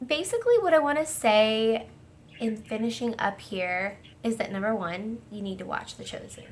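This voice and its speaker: A woman's voice: fairly high pitch, expressive, normal speed. A woman hosting a casual home video discussion, earnest and enthusiastic, now and then acting out scenes in quoted voices. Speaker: host discussing a series.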